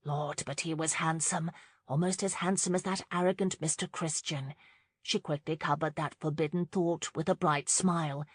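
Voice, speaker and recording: Low-voiced woman narrating. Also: fairly even intonation, moderate pace, breathy edge, no room sound. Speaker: audiobook narrator. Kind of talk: scripted narration.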